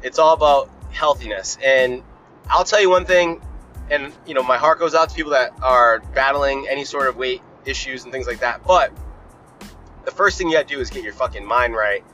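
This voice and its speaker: A man's voice: mid-range voice, moderate pace, sharp tone, faint music behind, low-quality recording. A young man hosting a podcast, ranting in a casual, profane, rambling and opinionated way. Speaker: podcast host.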